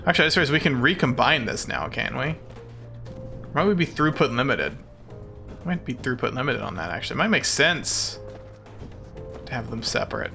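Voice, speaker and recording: Man, VTuber streamer, casual game chat, playful self-mocking jokes, gravelly edge, faint music. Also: mid-range voice, expressive, normal speed, long pauses, sharp tone.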